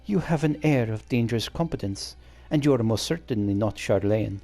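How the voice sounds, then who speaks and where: A man voicing a shrewd female wildlife overseer with a put-on accent, in a sly, theatrical, drawn-out manner, reading game dialogue during a playthrough. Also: medium pitch, expressive, dark tone, faint music behind, close to an everyday voice.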